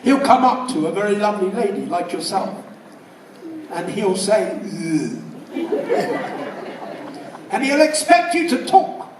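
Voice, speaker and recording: A man with an English accent doing a stand-up comedy routine, firing off one-liners in a loud, punchy delivery. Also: high-pitched, big pitch swings, normal speed. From England. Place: casino show room before a live audience. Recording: roomy live hall, mic at a distance, crowd and noise. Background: audience laughter.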